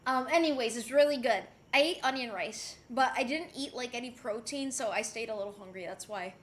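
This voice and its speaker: This woman's fairly high voice moves a little fast, with slight background noise in the clip. She's a home live streamer chatting casually and reading chat aloud, and she coos at and teases her pet in between remarks.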